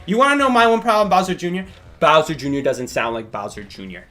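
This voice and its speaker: A young man streaming live, talking casually in a rambling, animated way that often corrects itself. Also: on the high side, fast. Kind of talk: casual livestream chat.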